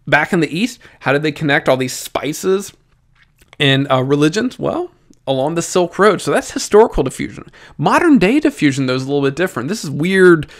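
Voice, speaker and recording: A man's voice: fairly high pitch, brisk. Upbeat Southern-accented male teacher. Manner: lively, jokey, talks straight to students. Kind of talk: exam review lesson.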